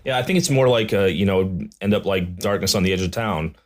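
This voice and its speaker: A man from the New York suburbs co-hosts a music podcast, sounding sick. He speaks in a somewhat low voice and keeps his talk laid-back, padded with "you know" and "uh". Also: fairly quick. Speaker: podcast co-host. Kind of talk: casual chat.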